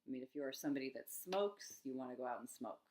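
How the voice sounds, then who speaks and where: A middle-aged woman coaching on eating struggles in a gentle, musing self-help talk, with soft laughs between thoughts. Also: very deep voice, lively intonation, quick pace, a little hiss or hum.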